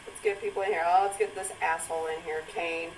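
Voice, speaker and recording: A woman's voice: fairly low pitch, quick pace. A woman hosting a live stream after-show, chatting casually and swearing as she laughs through stories. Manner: profane, laughing, animated storytelling. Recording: echoey room, far from mic, faint noise.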